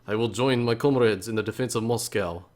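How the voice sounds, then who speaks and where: A man's voice: lowish voice, a little fast, natural voice. A man reading a young Soviet recruit's letter aloud in a mock-solemn put-on voice.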